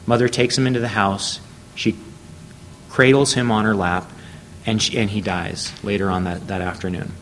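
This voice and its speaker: Male preacher, lowish voice, measured storytelling sermon with scripture readings, faint rumble behind. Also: fairly even intonation, fairly bright tone.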